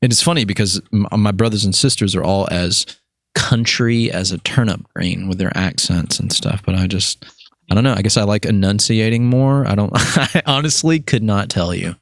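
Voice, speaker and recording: A man's voice: lowish voice, normal speed, a bit bright, no room sound, studio quality. A young man from Alabama with a mild Southern accent, hosting a casual, joking interview chat. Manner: laid-back, joking, laughs often. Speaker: podcast host.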